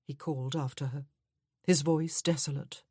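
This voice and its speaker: A woman narrating a historical romance audiobook in a measured, even storytelling voice, close to the mic. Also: low-pitched, slightly rough, no room sound.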